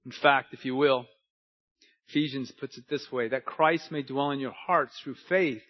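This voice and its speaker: A man preaching a sermon, dropping to a near hush and then rising to loud emphatic lines. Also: mid-range voice, steady tone, normal speed. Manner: preaching with wide swings from hushed to emphatic. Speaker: pastor. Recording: dull lo-fi sound.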